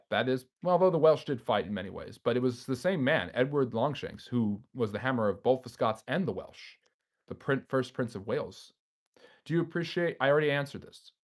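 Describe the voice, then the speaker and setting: A man hosting a history channel's live stream, reading viewer comments aloud and answering them off the cuff. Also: mid-range voice.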